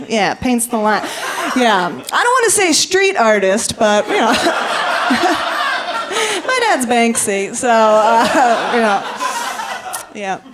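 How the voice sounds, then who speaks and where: A woman's voice: a little high, fairly bright tone, a little hiss or hum. A woman in her thirties from Virginia, doing a playful stand-up set on a comedy stage and chuckling at her own punchlines. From Virginia, USA. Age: 30s.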